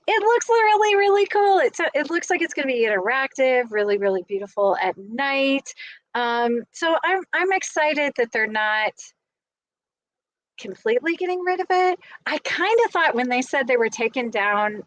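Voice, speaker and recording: Gushing, higher-voiced woman vlogger. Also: a bit bright, rough recording. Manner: gushing, chatty, rambling. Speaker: vlogger host. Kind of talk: casual recap chat to viewers.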